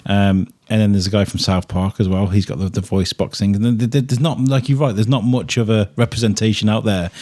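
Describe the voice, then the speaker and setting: English man, podcast host, lowish voice, rambling friendly questions. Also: fairly even intonation, brisk, hardly any pauses. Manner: warm-hearted, rambling, restarts sentences. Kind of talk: casual chat.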